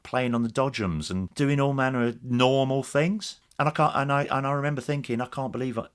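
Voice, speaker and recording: A man speaking as a guest in a relaxed interview, his voice at an ordinary middle pitch. He tells stories in a chatty, easygoing way and livens up when quoting others. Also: fairly quick, clean tone. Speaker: podcast guest, former TV games presenter. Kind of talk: casual anecdotal interview.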